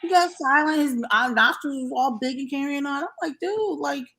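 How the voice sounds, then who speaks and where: A woman hosts a casual chat and talks in a fired-up, animated way, often acting out what others said. Her voice sits on the high side. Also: brisk. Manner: animated, fired-up, quotes people in mock voices. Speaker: host.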